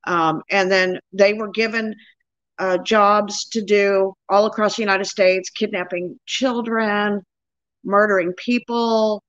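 A woman's voice: mid-range voice, steady tone, takes it slowly, fairly bright tone, no echo, dull audio. A woman guest, an author and crime investigator, talking earnestly and insistently in a casual interview.

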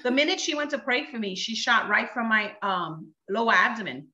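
A woman's voice: fairly high pitch, lively intonation, fairly quick, sharp tone, echoey room, muffled recording. A woman giving a personal testimony in conversation, telling her story with emotion and acting out what others said. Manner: earnest, emotional storytelling with quoted speech.

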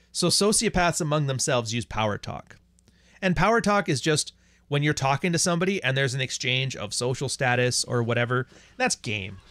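A man's voice: medium pitch, a bit bright, dry recording, studio quality. A man hosting a livestream, talking bluntly with plenty of swearing as he reads out viewer donations. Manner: blunt, profane, reads out super chats. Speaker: livestream host. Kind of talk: casual livestream monologue.

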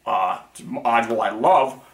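Speaking at a moderate pace in a mid-range voice, a man runs his own channel and delivers a loose, candid monologue. He keeps backtracking to fix what he said, and the recording carries room echo.

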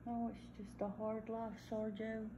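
A woman's voice: a little high, flat delivery, measured pace. A woman chatting playfully to her pet dog at home, teasing and often half-whispering. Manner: teasing, sing-song talk to a dog, often hushed. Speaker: dog owner. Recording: noisy home video.

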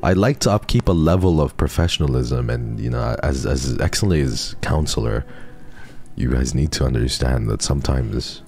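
A man's voice: rumbling low, vocal fry, a little mellow. A man streaming a horror game, chatting jokily with his viewers and reading the game's text aloud. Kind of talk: casual let's-play chat.

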